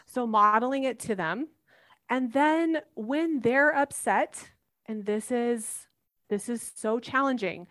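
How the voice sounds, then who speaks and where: A woman's voice: fairly high pitch, a bit bright. A woman in her thirties, a mother answering interview questions earnestly and animatedly, acting out everyday examples. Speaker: parenting guest expert.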